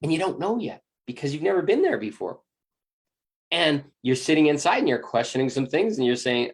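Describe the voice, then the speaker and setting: A spiritual teacher giving a motivational talk, acting out inner voices with gasps and lively swings in tone. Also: mid-range voice, brisk, breathy edge.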